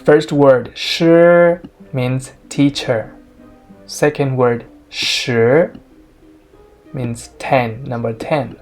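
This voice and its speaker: A language teacher giving a lesson summary, sounding out each tone slowly and carefully. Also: mid-range voice, steady tone, mellow, faint music behind.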